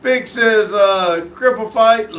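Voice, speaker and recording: A man hosts a livestream, reading viewers' chat messages aloud in a folksy, easygoing way. His voice sits high for a man. The sound is echoey, as if he is in a bare room. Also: gravelly, fairly bright tone. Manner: folksy, easygoing, many "uh" fillers. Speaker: livestream host. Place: indoor room.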